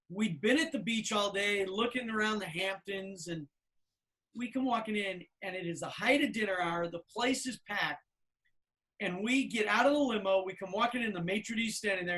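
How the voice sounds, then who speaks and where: A middle-aged man telling a long anecdote on a podcast, acting out the people he quotes in loud, animated voices. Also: high voice. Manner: animated storyteller, acts out quoted people loudly. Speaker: podcast co-host. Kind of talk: casual storytelling.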